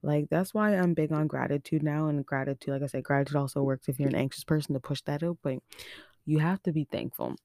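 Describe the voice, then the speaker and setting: A young woman from Nova Scotia hosting a podcast, telling a personal story in a chatty, animated way, filled with "like" and acted-out quotes. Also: sits low, fast talker, hardly any pauses, no room sound, clean studio sound. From Nova Scotia, Canada. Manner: chatty and animated, heavy use of "like", acts out quotes. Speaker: podcast host. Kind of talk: casual storytelling monologue.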